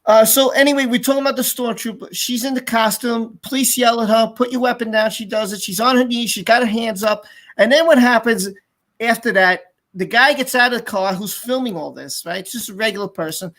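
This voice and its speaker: A man hosting a casual live stream, telling stories in an excited, rambling way and reading out viewer comments. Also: extremely high pitch, brisk.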